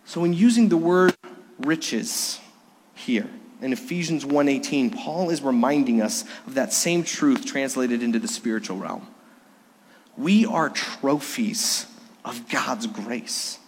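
A man's voice: medium pitch, animated, a little slow, a little mellow. A man preaching a sermon at a Sunday worship service, earnest and conversational, with his emphasis rising and falling. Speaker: pastor. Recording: long reverb of a church hall.

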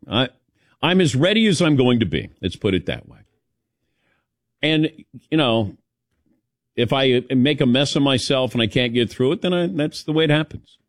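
A man's voice: mid-range voice, no echo, clean studio sound. A man hosting a talk radio show, chatting casually with his co-hosts and taking calls from listeners. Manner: warm storytelling, takes callers.

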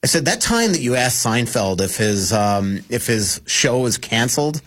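A man's voice: mid-range voice, big pitch swings, moderate pace, fairly bright tone. A man who covers hockey, talking casually as a radio guest, rambling with lots of fillers and restarts. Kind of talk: casual radio sports talk.

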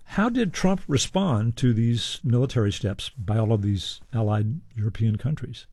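Mellow-voiced male interview host. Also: medium pitch, expressive, moderate pace, dry recording. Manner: conversational, probing. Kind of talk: interview questions.

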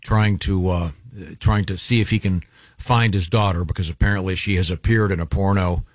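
A man on a radio show setting up a bit in a halting, hesitant way. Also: deep voice, fairly even intonation, no room sound, studio quality.

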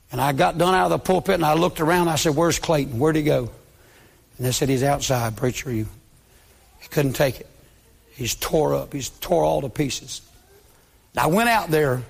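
A man's voice: on the high side, vocal fry, husky. A man, a pastor preaching a sermon as a story, impassioned and pleading, dropping to near-whispers when quoting others.

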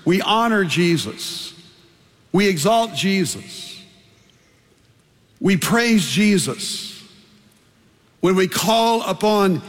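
An older man preaching a sermon as pastor, emphatic and building his points through repeated phrases. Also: fairly high pitch. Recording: long reverb of a large hall.

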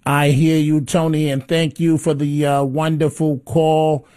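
A man's voice: on the high side, flat delivery, unhurried, mellow, smooth. A man hosting call-in talk radio, combative and mocking, who repeats his lines for effect.

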